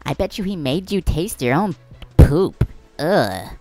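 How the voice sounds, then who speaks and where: Guy putting on a bitchy high-school gossip girl, sing-song and sneering. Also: very animated, measured pace, dark tone, faint music behind. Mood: disgusted. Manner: mocking, snippy. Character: catty gossiping teenage girl.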